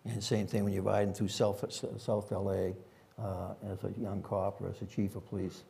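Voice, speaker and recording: A man's voice: fairly low pitch, flat delivery, moderate pace, creaky, warm tone, breathy edge. An older man with a Boston accent, a former police chief telling rambling anecdotes with frequent fillers at a conference panel.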